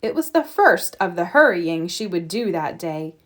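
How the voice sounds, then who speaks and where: A woman narrating a children's storybook aloud in a gentle, expressive way. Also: fairly low pitch, moderate pace. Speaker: storybook reader.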